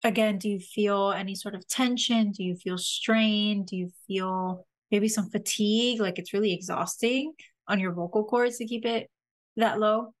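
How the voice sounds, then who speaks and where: A woman hosting a podcast, slowly and gently guiding listeners through a breathing and humming exercise. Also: medium pitch, steady tone. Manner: gentle, slow guiding instructions with soft laughs. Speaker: podcast host leading a somatic exercise.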